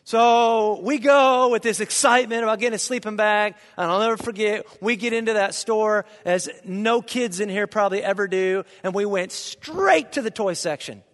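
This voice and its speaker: A middle-aged man from Indiana preaching a sermon, telling a childhood story with lively, joking asides to his listeners. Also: high voice, moderate pace, few pauses. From Indiana, USA. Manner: lively anecdotal storyteller, jokes with the audience. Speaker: pastor. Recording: long reverb of a large hall.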